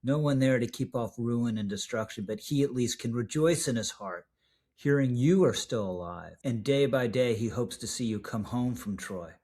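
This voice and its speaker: A man reading aloud the plea of a grieving old king begging for his son's body, in a solemn, hushed recitation. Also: medium pitch, normal speed, breathy edge, lightly acted. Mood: grieving, pleading.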